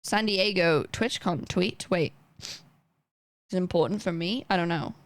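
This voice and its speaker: A woman's voice: lowish voice, measured pace, no room sound. A young woman livestreaming a game, chatting casually and rambling as she plays and talks to her chat.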